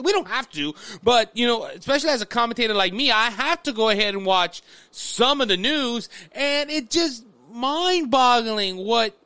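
High, lively commentator man. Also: no room sound. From Louisiana, USA. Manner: animated, sarcastic, addresses listeners as folks. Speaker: political commentator, podcast host. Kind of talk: opinionated political commentary.

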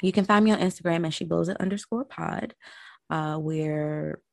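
A low-pitched woman with a gravelly edge, talking casually and chatty as a podcast guest. She's from Florida and tells her stories loosely. The sound is dry and close. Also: moderate pace, a little mellow, no echo. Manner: chatty, laughing, storytelling.

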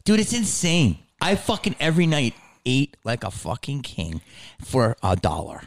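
A man chatting casually and telling a story with plenty of swearing and "dude" thrown in. His pitch rises and falls a great deal as he talks. He sounds loose and animated. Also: moderate pace. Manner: animated, swears freely, says "dude" often.

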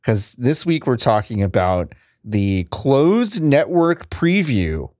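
A man hosting a casual gaming podcast, playful and quick to laugh. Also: medium pitch, very animated, darkish tone, dry recording, studio quality. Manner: playful, laughs often, restarts intros. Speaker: podcast host.

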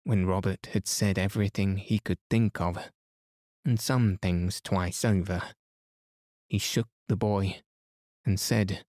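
A man narrates a bedtime story in a calm, soothing way. His voice is lowish and very slow, and the recording is close and dry with no room sound. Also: no room sound. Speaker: podcast host and reader.

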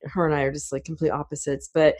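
Middle-aged woman, casual storyteller, rambling and animated, lots of "you know". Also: low voice, fast talker. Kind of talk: casual chat.

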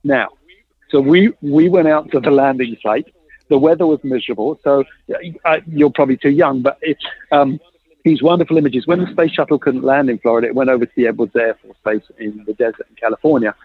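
A man's voice: medium pitch, fairly quick, husky, dry recording. A man telling a long story in a chat, acting out the dialogue he quotes. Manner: lively, acts out quoted dialogue, laughs often. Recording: tinny phone-like line, dry.

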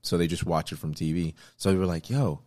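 A man in casual chat, telling a story with lively acted-out quotes and lots of repeated words. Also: low voice, quick pace, no room sound. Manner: animated storytelling, acts out quotes; repeats words, frequent fillers.

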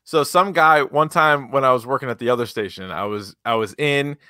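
A man's voice: mid-range voice, brisk, sharp tone, no echo, studio quality. A man co-hosting a podcast, telling loose joking stories in casual chat. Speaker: podcast co-host.

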